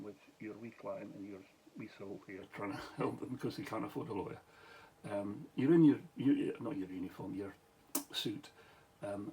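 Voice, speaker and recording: A man's voice: fairly low pitch, mellow, a little hiss or hum, rough recording. A tired middle-aged Scottish man, a former police officer, telling a meandering story late at night with many restarts, asides and chuckles.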